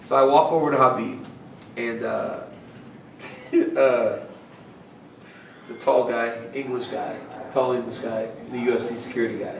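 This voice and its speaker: A man, a fighter fielding press questions, tells his story with lively energy, acting out the voices of the people in it and laughing along the way. His voice is picked up from a little distance in a roomy space, with faint ambient noise behind him. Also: medium pitch, unhurried, creaky, long pauses. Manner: animated, laughing, acts out quotes. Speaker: fighter being interviewed. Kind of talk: casual storytelling in a media scrum.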